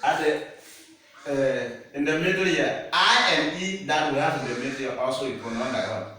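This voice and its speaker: A man teaching French pronunciation, repeating words slowly and asking his learners rhetorical questions. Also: mid-range voice, pushed and bright, a little hiss or hum. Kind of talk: slow spoken language lesson. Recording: echoey room, far from mic.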